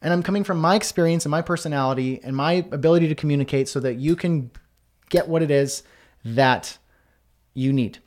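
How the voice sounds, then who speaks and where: Hosting a live online Q&A, a man with a fairly high, slightly mellow voice talks a little fast. He reads viewers' comments aloud and answers casually and chattily, full of fillers and restarts.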